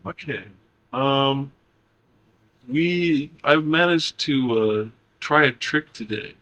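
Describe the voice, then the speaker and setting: A man's voice: medium pitch, takes it slowly, bright, forceful tone. Man asking a spirit questions. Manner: short agreeable replies. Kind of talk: channeling session.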